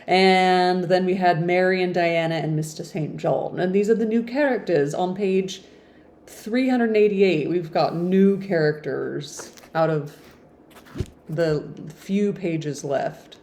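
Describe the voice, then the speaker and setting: A woman's voice: fairly low pitch, slow pace, a little mellow. A woman reading a classic novel aloud in a casual way, breaking off for chatty, playful, self-deprecating asides.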